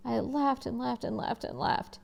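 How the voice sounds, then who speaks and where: A woman teacher reading a novel aloud in first person, expressive and conversational, with casual asides to listeners. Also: fairly high pitch, normal speed, vocal fry.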